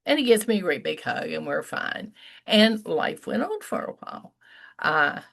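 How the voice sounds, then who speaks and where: An older woman with a gravelly edge tells a personal story at an unhurried, measured pace. She lingers on pauses for effect and jumps high and loud when she quotes what someone said. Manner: slow and deliberate with dramatic pauses; rises high and loud when quoting dialogue. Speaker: speaker telling a personal story. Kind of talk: storytelling talk.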